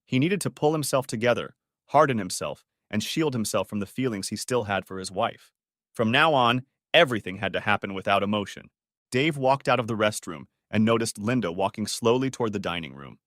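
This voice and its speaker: A man narrating an audiobook story in a measured, scripted reading. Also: on the low side, a bit bright, no room sound, studio quality.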